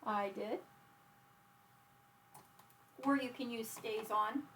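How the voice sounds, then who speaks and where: A woman's voice: fairly high pitch, fairly even intonation, slow pace, background noise. A woman demonstrating card making at home in a casual tutorial, chatting to herself as she works. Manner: chatty, talks to herself and her dog while working.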